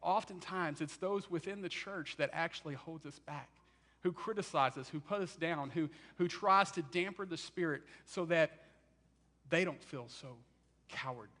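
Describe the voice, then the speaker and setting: A man preaching a sermon, telling the story in an animated way and acting out what people say. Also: a little high, normal speed.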